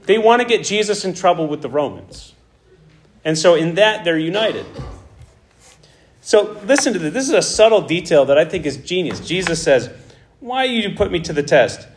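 A man preaching a conversational Bible teaching, who acts out the dialogue with animated asides. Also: high voice, normal speed, a little hiss or hum.

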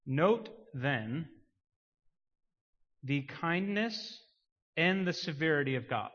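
A man preaching a sermon, swinging from quiet emphasis to loud, rising declarations. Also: on the high side, lively intonation, slow. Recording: muffled sound with long hall reverb.

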